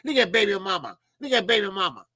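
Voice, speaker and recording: A man's voice: sits high, sing-song, quick pace, pushed and bright, no room sound. A middle-aged man hosting a boxing talk channel, ranting casually and profanely, often mimicking people in a mocking voice. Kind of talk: casual commentary monologue.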